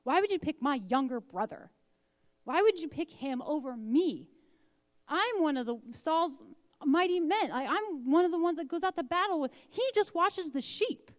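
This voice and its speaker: A woman's voice: high-pitched, expressive, moderate pace, big-room sound, voice pushed up. A woman acting out a bitter, resentful older brother. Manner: bitter, accusing, raised voice. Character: resentful angry older brother, young man.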